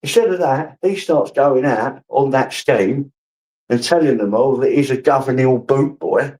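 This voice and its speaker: A man on a live stream, telling rambling stories full of swearing. His voice sits at an ordinary middle pitch. He talks straight to his chat in a loose, offhand way. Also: darkish tone, rough recording. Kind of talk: casual live-stream rant.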